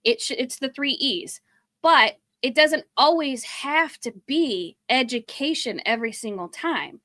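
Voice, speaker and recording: A woman's voice: sits high, expressive, measured pace, a bit bright. A woman co-hosting a marketing podcast, talking casually and bluntly with a little swearing. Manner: blunt, emphatic, mild swearing. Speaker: podcast co-host.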